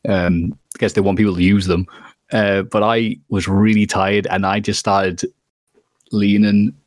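A man's voice: fairly low pitch, flat delivery, measured pace, dry recording, clean studio sound. A man in his thirties with an English accent, chatting on a podcast and rambling through a story with lots of laughter. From England. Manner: rambling storyteller, laughing often, acting out quotes. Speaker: podcast co-host. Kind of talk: casual chat.

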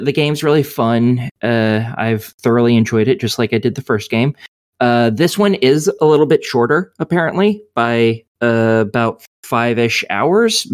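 A man reviewing a horror game in casual podcast chat, rambling and sarcastic, swearing often. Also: mid-range voice.

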